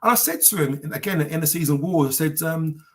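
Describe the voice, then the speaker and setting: A man's voice: fairly high pitch, fast talker, fairly bright tone. A man hosting a live podcast, chatting casually, rambling and swearing as he reads out viewer comments. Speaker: podcast host. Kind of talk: casual live-stream chat.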